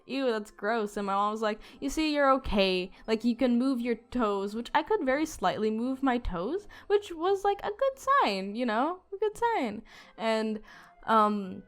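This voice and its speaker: A woman telling a story in a casual storytime vlog, rambling with lots of fillers and swearing. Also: medium pitch. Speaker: storytime youtuber.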